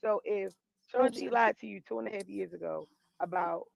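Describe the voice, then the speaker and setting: A woman's voice: mid-range voice, moderate pace, vocal fry, a crowd in the background. A woman calling in to a stream, defending herself and repeating her points, heard over a glitchy, muffled microphone. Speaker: call-in guest. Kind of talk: heated casual chat. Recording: muffled glitchy call-in mic.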